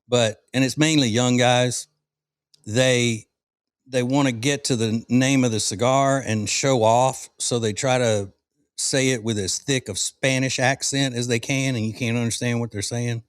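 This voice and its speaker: A man's voice: mid-range voice, smooth, dry recording, studio quality. A middle-aged man from the South, hosting a casual cigar-smoking podcast chat in a rambling, folksy way with fillers and restarts. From American South. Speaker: podcast host.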